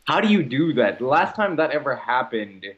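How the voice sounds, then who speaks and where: A man's voice: medium pitch, big pitch swings, moderate pace, fairly bright tone, reverberant, muffled recording. A young man co-hosting a casual talk show over video chat, with crude, laughing banter. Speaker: co-host.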